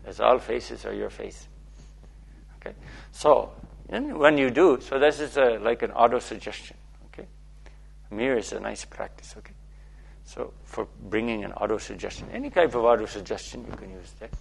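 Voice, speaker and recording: Male spiritual teacher, gravelly and a bit husky, playful and repetitive, keeps checking in with listeners. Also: mid-range voice, lively intonation, normal speed. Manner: playful, repetitive, asks okay often. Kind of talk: spiritual talk.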